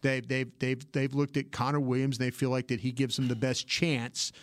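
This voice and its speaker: A man's voice: mid-range voice, flat delivery, normal speed, slight background noise. A man co-hosting a sports talk show, often restarting words and chiming in to agree. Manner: stammering restarts, frequent agreeing interjections. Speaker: sports radio co-host.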